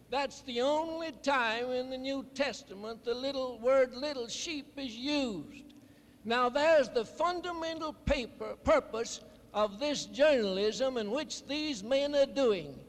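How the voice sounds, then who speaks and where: Slow high-voiced preacher in an echoing hall. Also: male voice. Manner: deliberate, emphatic storytelling. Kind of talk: sermon address. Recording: long hall reverb.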